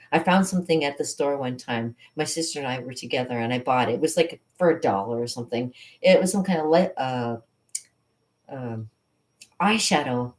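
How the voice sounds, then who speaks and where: A woman's voice: very deep voice, a little mellow. A woman vlogging casually while doing her makeup, rambling and laughing often in a playful way. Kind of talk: casual makeup vlog chat.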